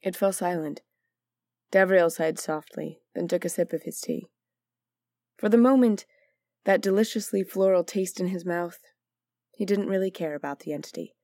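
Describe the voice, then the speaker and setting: A woman narrating a fantasy story aloud in a measured, expressive way. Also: lowish voice, dry recording, studio quality. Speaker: audiobook narrator.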